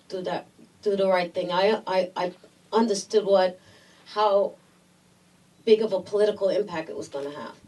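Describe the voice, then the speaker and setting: A middle-aged woman from Brooklyn with a New York Puerto Rican accent, telling a story in an interview, animated and acting out voices. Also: on the low side, recorded from a distance, rough recording. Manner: lively storyteller, acts out voices, laughs often. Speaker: guest actress.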